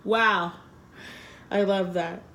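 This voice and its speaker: A woman's voice: medium pitch, steady tone, extremely slow, bright, forceful tone, reverberant. A woman giving a casual tarot reading, talking bluntly and frankly, swearing freely. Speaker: tarot reader.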